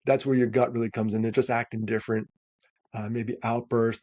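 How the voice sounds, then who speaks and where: A man's voice: fairly low pitch, no room sound. A man speaking as a podcast guest, giving earnest advice and acting out bits of dialogue as he talks. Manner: animated storyteller, acts out dialogue.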